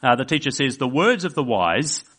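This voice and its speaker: A man's voice: medium pitch, very animated, moderate pace, fairly bright tone, slightly rough. A man preaching a sermon in a church service, conversational, with fillers and restarts. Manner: acts out quoted voices in an illustration.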